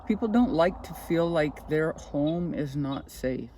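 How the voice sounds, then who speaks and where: A woman's voice: deep voice, expressive, measured pace, few pauses, warm tone, a little hiss or hum. A woman ranting into her own vlog, swearing constantly and sounding agitated, talking from inside a car. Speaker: vlogger. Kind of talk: casual vlog rant.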